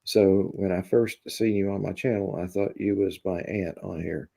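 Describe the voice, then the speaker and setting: A man hosting a live stream, chatting casually with viewers in a deadpan, rambling way full of fillers. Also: low-pitched, normal speed, gravelly. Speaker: live-stream host reading chat.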